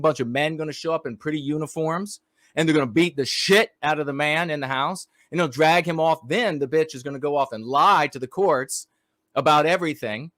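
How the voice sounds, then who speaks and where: Male commentary host, fairly high voice, dry close sound; heated, mocking monologue with sudden loud peaks. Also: dry recording.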